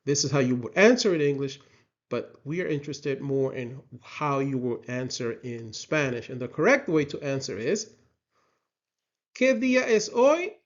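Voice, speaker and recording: A man teaching a lesson, drilling words for the listener to repeat and checking in with "right?". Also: medium pitch. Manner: slow, patient drilling with frequent "right?" checks. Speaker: Spanish teacher. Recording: slightly dull lo-fi sound.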